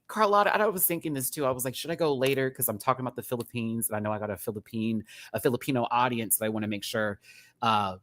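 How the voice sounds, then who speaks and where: A man hosting a casual live-stream rant, chatty and rambling, with sudden bursts of high laughter. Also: fast talker, fairly bright tone, no room sound. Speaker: YouTube commentary host.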